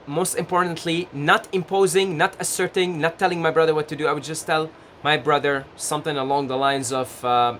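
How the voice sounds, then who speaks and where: Gentle man giving advice, slightly high voice. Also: fairly even intonation, fairly quick, few pauses, slight background noise. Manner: gentle, repetitive, with many fillers and restarts. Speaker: advice vlogger. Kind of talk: casual advice monologue.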